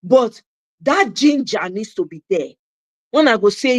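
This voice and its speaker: A woman's voice: on the high side, lively intonation, unhurried, a little mellow, no echo. A woman with a Nigerian accent hosting a live political commentary show, ranting passionately and slipping Pidgin into her English. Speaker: host.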